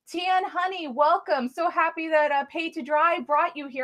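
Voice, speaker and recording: A woman's voice: high voice, moderate pace, few pauses, a bit bright. A woman chatting casually on a live stream, reading out viewer names, thanking viewers and apologizing a lot. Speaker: live-stream tarot reader.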